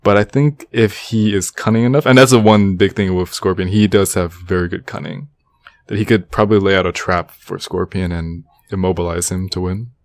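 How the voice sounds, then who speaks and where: A young man with a lowish voice chatting on a podcast, recorded dry and close. He hedges often and pushes back in an easygoing, joking way. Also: steady tone, brisk, no echo. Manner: easygoing, hedging, protests playfully. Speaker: podcast co-host. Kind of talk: casual podcast chat.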